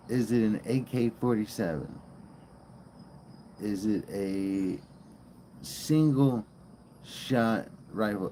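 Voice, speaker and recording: A man's voice: on the low side, mellow, slight background noise. Rambling, joking man. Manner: joking, rambling, swears freely. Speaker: live streamer. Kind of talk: casual rambling stream chat.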